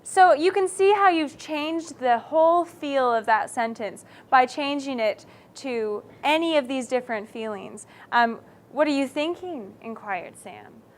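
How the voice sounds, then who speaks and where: A woman with a high voice teaches a writing class. She explains each rule step by step and keeps stopping to check that her students follow. Her delivery is animated and encouraging. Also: unhurried, hardly any pauses. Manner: animated, checks understanding often.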